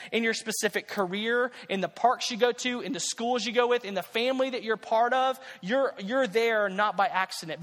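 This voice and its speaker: A man's voice: high voice, fairly bright tone, long reverb tail. A man preaching a sermon as pastor, conversational and repeating key phrases for emphasis.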